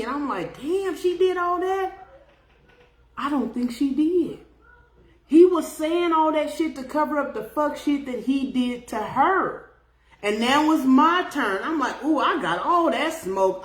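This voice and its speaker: A woman's voice: fairly high pitch, roomy sound. A woman in her fifties hosting a casual live chat, reading out viewer comments in a blunt, profane way and laughing often. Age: 50s. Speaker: podcast host.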